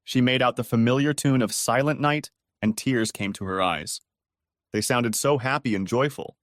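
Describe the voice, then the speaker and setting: A man narrating a dramatic story audiobook in an expressive storytelling manner, dropping low on dialogue tags. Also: moderate pace, no room sound, clean studio sound. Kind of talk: scripted narration.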